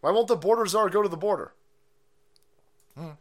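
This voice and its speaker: Foul-mouthed man ranting, high-pitched. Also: normal speed. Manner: foul-mouthed, mocking, laughs often. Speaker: streamer host. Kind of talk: profane political rant.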